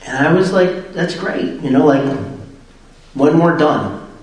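A man's voice: on the high side, animated, unhurried. A middle-aged man telling a candid personal recovery story, self-mocking and laughing at himself. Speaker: speaker sharing recovery story. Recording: very echoey room, distant mic.

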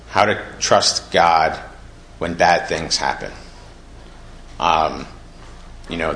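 At a recovery meeting, a deep-voiced man with a sharp tone gives personal testimony about his life. He talks casually and conversationally, acting out quoted dialogue, in an echoey room with faint background noise.

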